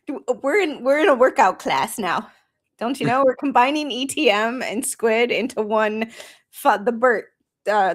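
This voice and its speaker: Snarky lady co-hosting a stream, laughs a lot, voice jumps all over. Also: a little high. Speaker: stream co-host. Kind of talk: casual snarky commentary.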